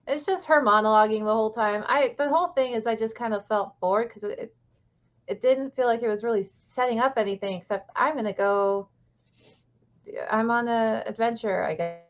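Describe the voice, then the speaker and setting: A woman's voice: fairly high pitch, a little fast. A woman co-hosting a comics podcast in casual chat, blunt and sarcastic with many fillers. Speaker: podcast co-host. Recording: slightly dull lo-fi sound.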